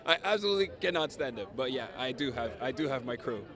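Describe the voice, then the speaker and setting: Give me a relaxed, laughing man with an animated voice at a busy premiere. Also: medium pitch, fast. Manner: laid-back, laughing, teasing. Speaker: cast member. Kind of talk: casual red carpet chat. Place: outdoor red carpet premiere. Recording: loud crowd behind.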